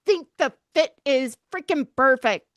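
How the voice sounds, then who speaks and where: Female co-host, high voice, hesitant and halting, dry close sound. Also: animated, dry recording. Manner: hesitant, stammering restarts. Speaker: podcast co-host. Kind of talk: casual chat.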